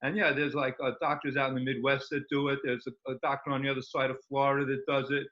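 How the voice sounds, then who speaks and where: A man's voice: mid-range voice, flat delivery, fast talker, sharp tone. A man speaking as an interview guest, rambling and enthusiastic with many fillers. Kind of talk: casual interview talk. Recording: dull lo-fi recording.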